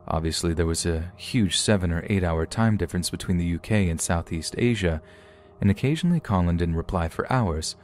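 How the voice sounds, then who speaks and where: A man narrating scary true stories in a steady, scripted storytelling manner. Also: deep voice.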